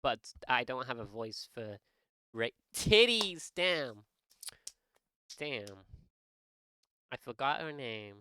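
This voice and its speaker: A man's voice: medium pitch, very animated, slow pace, long pauses, bright, forceful tone, slight background noise. A young man chatting on his live art stream, rambling and joking with lots of swearing and false starts. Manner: rambling, profane, joking, many restarts. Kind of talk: casual live-stream chat.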